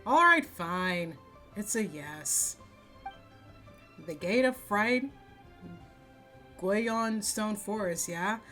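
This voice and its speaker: A woman voicing a bold, swaggering female ship captain in a game, in a brash, slightly raised, louder voice. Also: medium pitch, animated, drawn-out words, pauses often, faint music behind, heavily acted.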